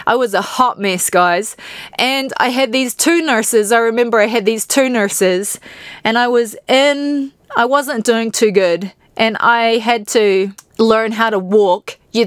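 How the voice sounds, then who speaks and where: A woman's voice: a little high, clear, resonant tone, dry recording. A woman from New Zealand with a New Zealand accent, hosting a podcast and candidly, emotionally retelling personal stories. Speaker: podcast host.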